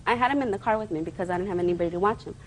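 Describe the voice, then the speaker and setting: A woman's voice: mid-range voice, very fast, slight background noise, rough recording. A woman plaintiff giving courtroom testimony in an earnest, rambling way, defensive when challenged.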